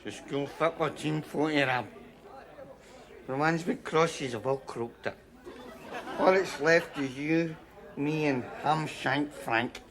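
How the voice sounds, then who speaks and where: An actor playing a meek, superstitious Scottish drinking buddy in a TV sitcom, fussy and boastful in manner. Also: male voice, fairly high pitch, slow, long pauses, crowd noise. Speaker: drinking pal Jamesy. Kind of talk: TV sitcom acting.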